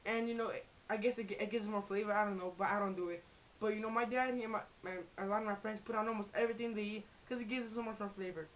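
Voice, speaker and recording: A woman's voice: medium pitch, fairly even intonation, fast, slight background noise, rough recording. A young woman in a casual comedy vlog, rambling and swearing with many restarts. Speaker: vlogger.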